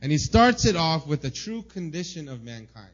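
A man preaching a sermon to a congregation, reading quotations slowly and with emphasis, with the odd "uh" between thoughts. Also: on the high side, very animated, fairly bright tone, highs cut off. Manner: reads quotes slowly and emphatically, with filler "uh".

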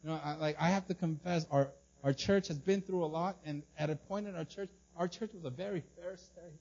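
A male pastor preaches with a high, lively voice, slipping into the voices of the people in the story as he goes. He repeats and restarts his words often. The recording sounds slightly dull. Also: fairly quick, vocal fry. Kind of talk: sermon.

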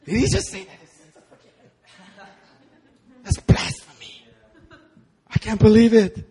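A man voicing outraged religious leaders in a shrill, incredulous voice. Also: measured pace, mellow, slightly rough, exaggerated voice.

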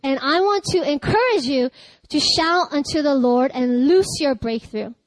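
A woman pastor preaches in a lively, chatty way, often laughing and bursting into loud cries. Her voice sits high, and the sound is dry and close to the mic, with no room around it. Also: a little slow, dry recording, low-quality recording. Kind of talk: sermon.

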